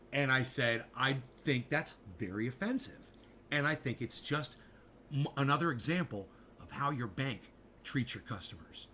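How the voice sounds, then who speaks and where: Bright-voiced man in casual rambling chat. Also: medium pitch, a little hiss or hum. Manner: animated storytelling, frequent swearing, jokey mock-advert asides. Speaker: streamer.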